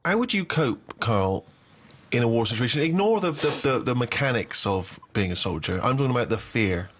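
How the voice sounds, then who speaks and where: A man's voice: mid-range voice, animated, moderate pace, a bit bright, a little hiss or hum. A man co-hosting a comic podcast, asking incredulous, probing questions. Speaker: podcast co-host.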